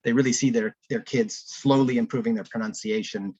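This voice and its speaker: A man's voice: medium pitch, steady tone, a little fast, darkish tone, slightly rough, no echo, muffled recording. A man giving a casual online presentation of a learning app, thinking aloud with frequent ums and restarts. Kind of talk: live online conference presentation.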